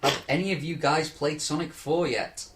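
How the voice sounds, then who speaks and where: A man's voice: fairly high pitch, steady tone, moderate pace. Man, podcast host, casual chat, hesitant, rambling, faint background noise. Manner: rambling, hesitant, many ums and restarts. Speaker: podcast host reading listener questions.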